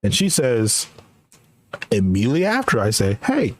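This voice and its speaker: A young man streaming, telling a rambling, animated story in casual chat and laughing often. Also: mid-range voice, normal speed, no echo. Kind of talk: casual chat while gaming.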